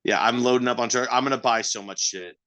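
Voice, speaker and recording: Male podcast co-host, bright tone, rambling, profane, self-mocking casual chat. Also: mid-range voice, fairly even intonation, quick pace.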